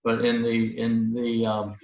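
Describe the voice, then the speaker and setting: A man's voice: mid-range voice, completely flat delivery, slow, a little mellow, reverberant, rough recording. A man tutoring a student in Hebrew letters, patiently repeating sounds and correcting himself as he goes. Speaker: Hebrew teacher. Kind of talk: one-on-one language tutoring.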